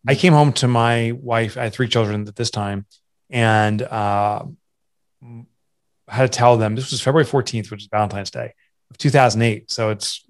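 A man in his forties, an entrepreneur and author appearing as an interview guest, tells his story candidly and earnestly, sometimes choking up. His medium-pitched voice keeps a fairly even intonation at a moderate pace. He is confessional and emotional, often restarting, his voice catching.

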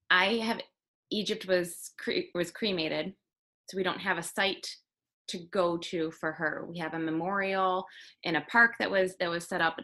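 A woman's voice: deep voice, bright, forceful tone. A woman hosting an interview, talking in an earnest and reflective way. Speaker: host. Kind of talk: conversational interview.

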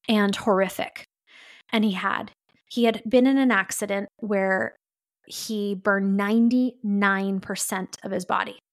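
A woman hosting a podcast, telling a story in an earnest, heartfelt way. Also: mid-range voice. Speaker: podcast host. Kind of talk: solo podcast monologue.

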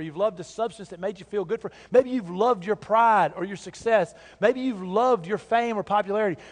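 A pastor delivers a sermon in an earnest, conversational way, leaning on emphatic repeats. His voice sits high for a man. The church sanctuary gives it a long reverb tail. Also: vocal fry.

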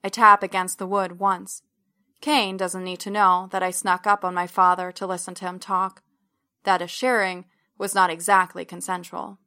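Woman narrating a story in an even voice. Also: on the low side, moderate pace. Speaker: audiobook narrator. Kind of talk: first-person fiction narration.

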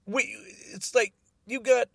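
A man's voice: extremely high pitch, fairly even intonation, takes it slowly, vocal fry, fairly bright tone, no echo, studio quality. An older man in an angry, agitated political rant, repeating himself and stumbling over restarts.

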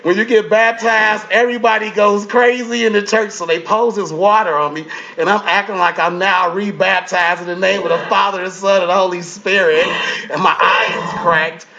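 A high, bright male voice belongs to a comedian guest spinning an animated, profane story. He jumps into other people's lines with shifting voices. The audio is dull and lo-fi. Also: normal speed. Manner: profane, acts out quotes in changing voices.

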